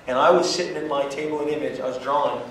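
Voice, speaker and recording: A man on a convention panel, telling animated stories and acting out quotes in bursts of high pitch. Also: racing, slight background noise. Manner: energetic, acts out quotes with sudden high-pitched outbursts. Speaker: comics creator on a convention panel. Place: large convention hall. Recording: echoey hall from far off with crowd.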